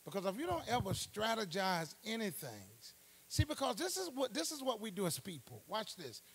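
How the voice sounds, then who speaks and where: A man preaching a Bible study sermon in church, calling out to the congregation for responses and swelling to loud emphasis. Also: high-pitched, very animated, moderate pace, husky. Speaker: pastor.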